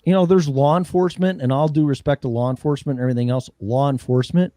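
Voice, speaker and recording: A man's voice: mid-range voice, steady tone, quick pace, dark tone, no room sound, clean studio sound. A man hosting a political talk show, ranting heatedly with profanity and mocking impressions. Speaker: show host.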